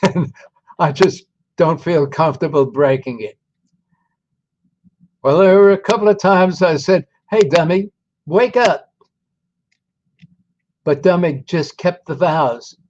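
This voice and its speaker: An elderly man in his nineties tells an old life story to a gathered audience, taking his time with every phrase. His voice sits a little high for a man, and the recording has a dull, muffled lo-fi sound. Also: darkish tone. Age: 90s. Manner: slow, deliberate, folksy storytelling. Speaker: veteran storyteller.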